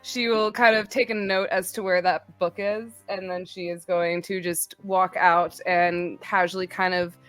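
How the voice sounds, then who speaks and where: A woman's voice: on the low side, little pitch movement, a little slow, few pauses, a bit bright, no echo, soft background music. Woman playing a tabletop game. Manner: casual, describes her character's actions. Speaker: player.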